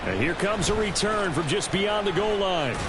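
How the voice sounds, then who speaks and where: A man calling the action as play-by-play commentator in a football video game, in a brisk, measured way. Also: sits high, animated. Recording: game audio with loud stadium noise.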